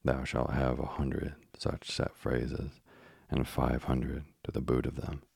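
A man reading an audiobook, voicing a stern, scheming old witch woman who speaks in archaic phrases, with a husky, half-whispered edge. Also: rumbling low, flat delivery, slow, a little mellow, no echo, clean studio sound, full character voice. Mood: doting.

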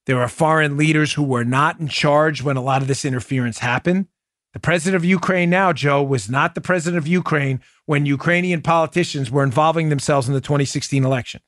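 Male podcast host, combative commentary, fairly high voice, dry close sound. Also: fairly quick, fairly bright tone, no room sound. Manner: combative, incredulous, rising to indignant outbursts. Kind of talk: heated political commentary.

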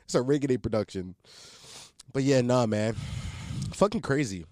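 A young man in his twenties hosts his own podcast, rambling casually with plenty of swearing and half-finished restarts. His pitch leaps up and down in a lively way. The sound is close and dry, with no room behind it. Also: moderate pace, no room sound. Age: 20s. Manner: rambling and profane, with frequent laughs and restarts. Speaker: podcast host. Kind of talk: casual solo podcast chat. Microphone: close podcast mic in a home setup.

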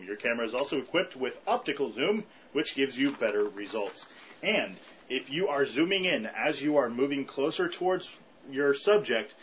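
A man co-hosts a fan podcast in an easy, chatty way, reading out tips and web addresses between laughs. His voice sits in a middle register. The recording is dull and lo-fi, with a faint hiss under it. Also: medium pitch. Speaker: podcast co-host. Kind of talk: casual chat.

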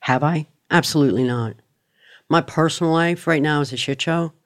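A woman's voice: low voice, moderate pace. A middle-aged woman, a podcast guest, telling her personal story in a blunt, profane, candid way.

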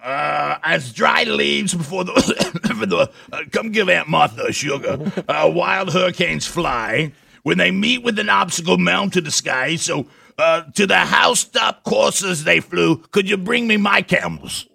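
A man's voice: high voice, animated, a little slow, creaky, bright, forceful tone, breathy edge, exaggerated voice. A man voicing a bossy, fussy older aunt who preaches, scolds and dotes. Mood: preachy.

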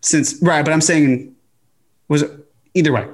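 A man's voice: fairly high pitch, unhurried. A man co-hosting a casual sports podcast, skeptical, asking his partner for numbers. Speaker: podcast co-host.

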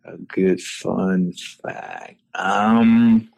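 A man's voice: low-pitched, very animated, drawn-out words, creaky, a little mellow. Middle-aged man, ex-athlete guest on a phone call, loose and laughing, repeats himself as he spins a yarn. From North Carolina. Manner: laid-back, laughs often, repeats phrases. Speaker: interview guest, former football player. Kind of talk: casual storytelling over the phone.

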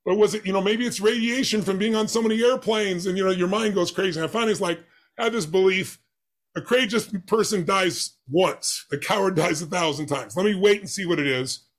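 A man's voice: high voice, a little fast. A man who is an interview guest, telling a personal story with animation and acting out the dialogue with emphatic voices.

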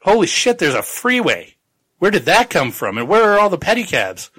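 A man voicing a troubled male trade official in a casual, profane way, somewhat higher than his own voice. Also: lively intonation, unhurried, bright, forceful tone, husky, exaggerated voice. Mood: indignant. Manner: casual, profane paraphrase of a character.

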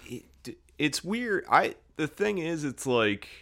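A man's voice: on the high side, sing-song, takes it slowly, sharp tone, dry recording. A man co-hosting a podcast in casual chat, swearing freely and laughing at himself. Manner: swearing, self-deprecating, laughs often. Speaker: podcast co-host.

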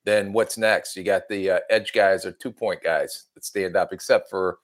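A man's voice: low voice, fairly even intonation, normal speed. A middle-aged man, a former football general manager, chatting casually on a podcast and telling folksy stories with a laugh at himself.

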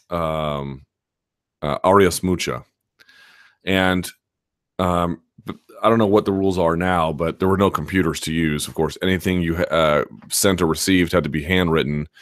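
A man's voice: low-pitched, no room sound, clean studio sound. A male host of a live chat show, telling a long story casually with many fillers and restarts.

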